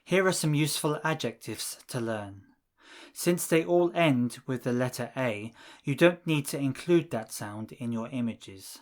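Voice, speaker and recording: A man narrating a language lesson, slow and deliberate, spelling out words for learners. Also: medium pitch, expressive. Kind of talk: scripted instructional narration.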